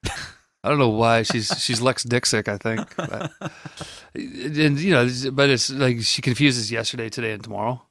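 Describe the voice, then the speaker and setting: A young man hosting a casual podcast chat, joking around and acting out his toddler's lines in a high voice. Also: normal speed, a bit bright, no room sound, clean studio sound. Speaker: podcast host.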